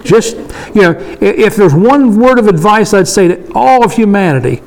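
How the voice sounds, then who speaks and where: High-pitched guy in his 60s leading bible study, keeps hammering the same point. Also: lively intonation, normal speed, gravelly, few pauses, darkish tone, slight background noise, low-quality recording. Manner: emphatic, repeats points for stress. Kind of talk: casual Bible study discussion.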